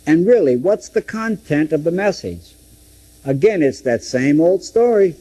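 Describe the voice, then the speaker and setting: Husky dark-voiced male Bible teacher. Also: on the high side, lively intonation, unhurried, poor audio. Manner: dramatic, acts out scripture quotes.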